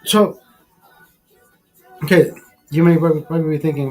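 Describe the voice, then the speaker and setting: A man's voice: a little high, fairly even intonation, normal speed, pauses often, a little mellow, faint music behind, poor audio. A man hosting a casual drinking livestream, tipsy, talking in a rambling, profane way and restarting his words. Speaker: livestream host.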